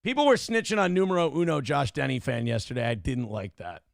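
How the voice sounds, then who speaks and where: A man's voice: medium pitch, expressive, fast, creaky, dry recording, clean studio sound. A middle-aged man hosting a livestream morning show, reading out donations in a brash, taunting, profane way. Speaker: host.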